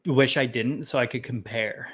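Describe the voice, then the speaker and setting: A young man chats loosely about a drink, rambling and laughing at himself, full of fillers. His pitch sits mid-range and he jumps from thought to thought. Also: steady tone, normal speed, fairly bright tone, husky. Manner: rambling, self-deprecating, lots of fillers. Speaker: whiskey tasting show host. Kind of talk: casual tasting chat.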